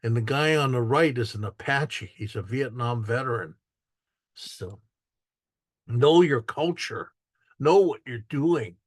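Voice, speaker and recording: A man's voice: mid-range voice, lively intonation, takes it slowly, long pauses, no room sound, studio quality. A man giving a casual artist talk as a photographer, telling stories about his photos in a rambling way, with restarts and acted-out quotes. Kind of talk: casual storytelling while showing photos.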